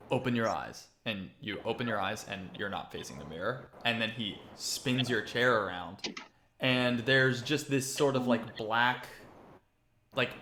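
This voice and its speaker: A man's voice: medium pitch, sharp tone, a little hiss or hum. Casual male game master, loose and sweary, roomy echo. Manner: casual, laughing, swears freely. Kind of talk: narrating a tabletop game.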